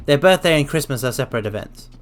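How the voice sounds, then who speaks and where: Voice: medium pitch, expressive, fast talker. A game streamer chatting casually while playing, rambling playfully and dropping into silly sound effects.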